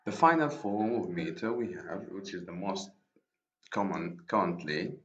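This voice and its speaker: A lower-pitched man whose first language is Arabic lectures on poetry, slowly restating each point. His voice sounds roomy and echoey. The recording is dull and lo-fi. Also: expressive, a bit bright. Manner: explains slowly, repeats and rephrases himself. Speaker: university lecturer.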